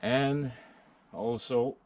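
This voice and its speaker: A middle-aged man with a French accent, explaining a hands-on chainsaw repair in a halting way, with many fillers and restarts. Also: medium pitch, fairly even intonation, darkish tone, dry recording, lo-fi sound. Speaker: vlogger.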